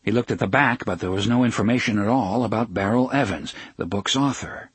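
Man, audiobook narration, raspy voice, expressive, dry close sound. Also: fairly low pitch, brisk, dry recording. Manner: expressive reading, voicing each character. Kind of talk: scripted narration.

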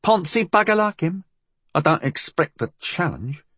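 A woman's voice: on the low side, big pitch swings, normal speed, a bit bright, husky, no echo, pitched above the performer's own voice, heavily acted. A man voicing a tough young female thief who talks bluntly and crudely. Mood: gruff.

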